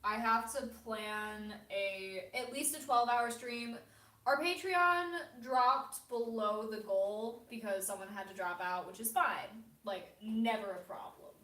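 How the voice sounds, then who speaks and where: A woman hosting a livestream, chatting casually and laughing often, with a self-deprecating manner and some vocal fry. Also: a little high, measured pace, fairly bright tone, reverberant, far from the mic. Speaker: livestream host. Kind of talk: casual chat.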